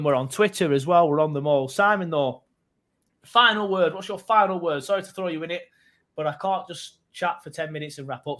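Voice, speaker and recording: High-voiced chatty man. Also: fairly bright tone. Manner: chatty, swears casually, plugs socials. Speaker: podcast host. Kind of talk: casual football podcast chat.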